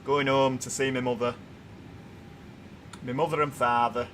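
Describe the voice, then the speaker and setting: A young Yorkshire man hosting a relaxed livestream, chatting through viewer comments as they come in. His voice is bright and forward, at a middle pitch. A faint hum sits under the recording. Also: a little slow. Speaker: livestream host. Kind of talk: casual livestream chat.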